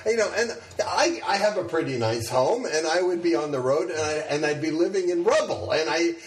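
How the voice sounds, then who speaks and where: A man's voice: on the high side, animated, fairly quick. A male comedian chatting casually and telling stories, often restarting his sentences. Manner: conversational, with stammered restarts. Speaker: stand-up comedian. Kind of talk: casual storytelling chat. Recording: echoey room, far from mic.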